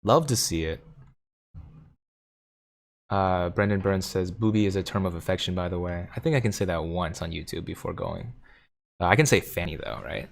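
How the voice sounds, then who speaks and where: Male livestream host, lower register, casual and jokey, answers viewers' chat. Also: normal speed, gravelly, long pauses. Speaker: stock market livestream host.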